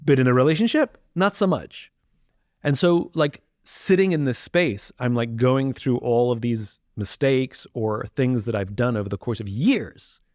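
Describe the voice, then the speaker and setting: A man's voice: mid-range voice, measured pace, darkish tone, no echo, studio quality. A man speaking as a podcast guest, talking candidly and reflectively about himself in conversation. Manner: candid, self-reflective, acts out quoted voices.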